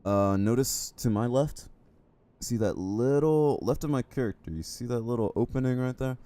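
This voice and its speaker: A man's voice: mid-range voice, normal speed, warm tone. A man streaming a game live, chatty and jokey, reacting to the game and talking to his chat. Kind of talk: live gameplay commentary.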